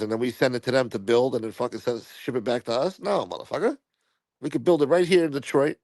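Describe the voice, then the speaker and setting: A man's voice: medium pitch, darkish tone, no echo. A man hosting a casual live stream, answering viewer comments in a profane, rambling, blunt way.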